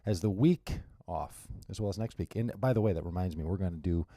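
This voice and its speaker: Deep, mellow-voiced male radio host. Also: fairly quick, no room sound. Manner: chatty and rambling, with wry asides and frequent restarts. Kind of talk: casual solo radio monologue.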